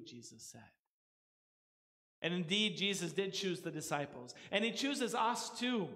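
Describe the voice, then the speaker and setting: A man preaching a sermon as pastor, earnest, rising for emphasis and dropping to a hush. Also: a little high. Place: church sanctuary. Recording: long church reverb.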